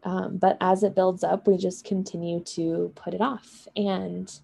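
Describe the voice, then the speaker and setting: A woman giving a reflective monologue on emotions and healing. She talks in an unhurried, musing way and often adds "right?" and "you know". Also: fairly low pitch, little pitch movement, creaky, dark tone, breathy edge.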